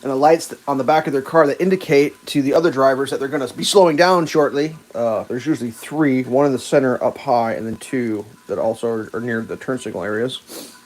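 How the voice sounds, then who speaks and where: A man hosting a livestream, telling a rambling, profane story while he cooks and loudly acts out the quotes. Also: medium pitch, fairly quick, low-quality recording. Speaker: livestream host. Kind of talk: casual storytelling while cooking.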